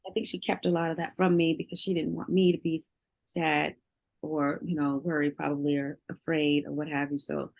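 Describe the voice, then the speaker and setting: A woman in her forties, a singer, talking candidly in an interview, full of fillers and quick to laugh. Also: low-pitched, gravelly. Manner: candid, heavy filler use, laughs easily. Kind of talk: emotional interview conversation.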